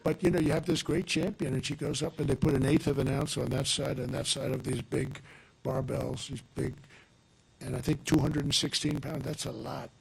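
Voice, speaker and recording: A man's voice: a little high, fairly even intonation, moderate pace, gravelly, a little hiss or hum. An older man giving a rambling, digressive campaign rally speech at a podium microphone, repeating his points for emphasis. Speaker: political speaker at a rally. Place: outdoor or large rally venue.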